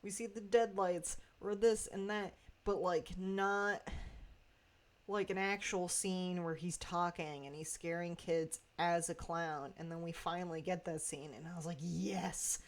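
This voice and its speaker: A woman with a slightly low voice talks through a TV episode in a loose, animated way. She laughs often and swears freely as she goes. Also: measured pace. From Pacific Northwest, USA. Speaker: YouTube reviewer. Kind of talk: casual TV episode review.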